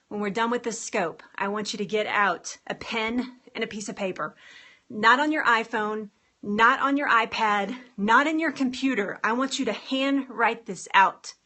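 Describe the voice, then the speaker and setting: A woman's voice: on the high side, bright, forceful tone. A woman health coach chatting casually on a live stream, upbeat and talking straight to her viewers about getting started with exercise.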